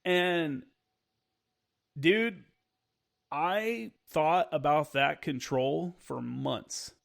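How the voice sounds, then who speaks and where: Speaking as a podcast guest, this ex-Marine shares frank war stories in a casual way, swearing openly and reenacting radio calls from the past. He halts often and leans on fillers, his slightly high voice carrying a gravelly texture.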